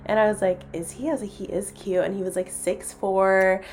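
A young woman tells a long story on a podcast with lots of energy. Her voice sits in a middle pitch, and she plays out the back-and-forth dialogue herself. She laughs easily as she talks. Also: a little fast, slight background noise. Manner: animated, quotes people in dialogue, bursts of laughter. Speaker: podcast host telling a story. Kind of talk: casual storytelling chat.

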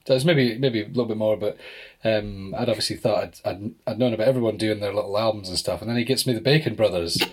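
A man's voice: fairly low pitch, quick pace, breathy edge. A man co-hosting a casual podcast, playful and teasing, laughing often. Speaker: podcast co-host. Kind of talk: casual chat.

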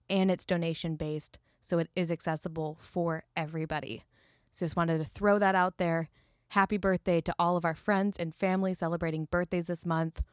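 A woman's voice: lowish voice, no room sound, studio quality. A woman co-hosting a podcast in a casual, upbeat and playful chat. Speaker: podcast co-host.

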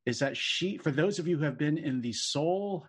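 A man co-hosts a podcast in a loose, joking style and laughs often. His voice sits fairly high for a man. He keeps the conversation light and chatty. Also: lively intonation, normal speed, breathy edge. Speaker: co-host, law professor. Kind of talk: casual chat.

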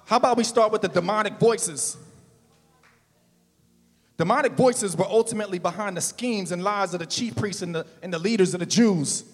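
Pastor guy preaching hard, shouting and stretching words out, faint music behind. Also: high voice, long reverb tail. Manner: preaching with rising shouts and drawn-out emphasis. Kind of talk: sermon.

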